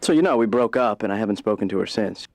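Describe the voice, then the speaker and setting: An actor playing a cocky grown son who teases and rambles over others. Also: male voice, lowish voice, expressive, fast, darkish tone, no echo. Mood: teasing.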